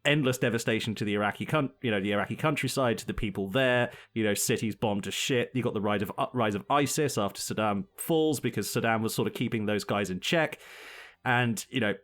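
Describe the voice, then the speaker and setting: A man's voice: fairly low pitch, a little fast, fairly bright tone. A man co-hosting a podcast, talking politics in a sweary, sardonic, rambling way. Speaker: podcast co-host. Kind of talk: casual political chat.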